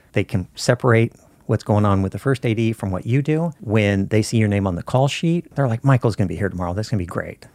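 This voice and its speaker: A man with a fairly low-pitched, darkish voice, recorded dry, is a guest from a film camera crew in a casual interview. He tells stories from film sets in an easygoing way, acting out the dialogue.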